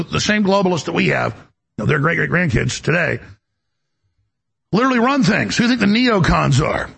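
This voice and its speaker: Gravelly, lively-voiced male talk host. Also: high-pitched. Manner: emphatic, rambling, repeats words when ranting. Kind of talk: political talk monologue.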